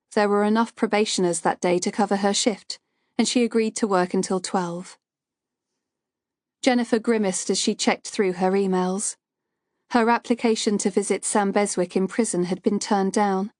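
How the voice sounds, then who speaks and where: A woman narrating a thriller audiobook in a steady, measured storytelling voice. Her pitch sits in the middle of the range, and the recording is dry and close to the mic, with no room sound. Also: no room sound.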